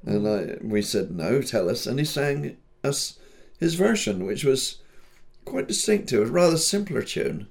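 A man with a gravelly edge talks through his memories as a folk song collector. He tells his stories in a chatty, anecdotal way, as if in a relaxed interview. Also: on the low side.

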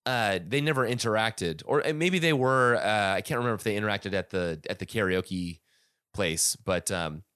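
A man's voice: lowish voice, normal speed, a bit bright, clear, resonant tone, no room sound, clean studio sound. A man hosting a casual podcast about a music album, rambling with many restarts and fillers. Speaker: podcast host.

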